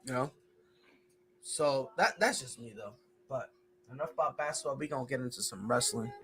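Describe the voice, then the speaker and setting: A man's voice: mid-range voice, moderate pace, fairly bright tone, slight background noise. A man hosting a casual sports podcast, ranting and joking about wrestling and basketball. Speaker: podcast host.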